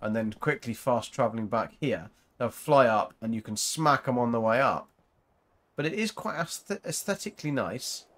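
A man's voice: medium pitch, animated, normal speed, a bit bright. A man hosting a gaming channel, rambling casually to viewers as he plays. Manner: rambling, chatty, talks to viewers. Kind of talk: casual gameplay commentary.

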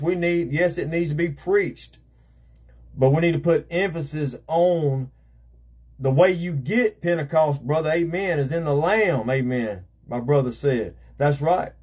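A male evangelist preaches with fervent conviction, dropping in amens and praise Gods as he presses his point. His voice sits a little high and has a husky edge. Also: a little mellow. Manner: fervent, repetitive, calls out amen and praise God. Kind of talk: sermon.

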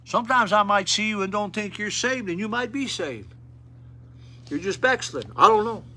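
A man's voice: high voice, lively intonation, normal speed, bright, forceful tone. An older man preaching a sermon at a rescue mission, plain-spoken and folksy with fervent appeals, in an auditorium.

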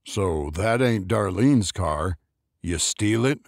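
Man voicing a gruff older man, low, curt orders, dry sound. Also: expressive, slow pace, dry recording, full character voice.

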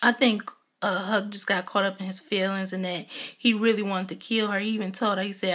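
A woman's voice: medium pitch, level tone, brisk, a bit bright. A young woman vlogger giving a casual, chatty recap of a TV episode, retelling scenes and quoting characters as she goes.

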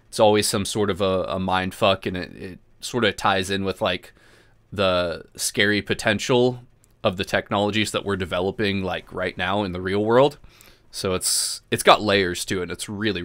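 A man talks casually on a livestream, his voice sitting a little low. He swears freely and breaks into laughter mid-sentence, relaxed and chatty. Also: moderate pace. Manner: laid-back, swears often, laughs while talking. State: drinking beer, burps. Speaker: host.

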